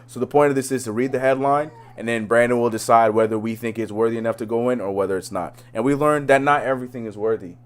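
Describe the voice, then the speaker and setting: A man's voice: medium pitch, fairly even intonation, quick pace, few pauses, clean tone. A man co-hosting a casual sports podcast, joking, teasing his co-host and laughing often.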